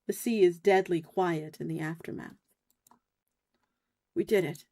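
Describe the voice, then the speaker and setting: A woman's voice: lowish voice, measured pace, warm tone, dry recording. A young woman streaming as a VTuber who reads a game's narration aloud and adds playful commentary. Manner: playful, laughs at herself.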